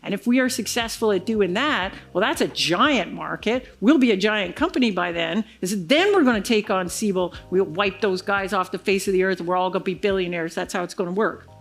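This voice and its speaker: A woman delivering a keynote in a large conference hall speaks in a mid-range voice, fairly quickly and with few pauses. Faint music plays behind her as she animatedly recounts a business story, voicing the other people's lines herself.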